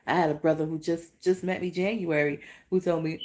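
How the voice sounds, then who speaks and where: A woman hosting a casual vlog-style podcast, telling a rambling, animated story with repeated questions. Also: on the low side, normal speed, hardly any pauses. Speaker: podcast host.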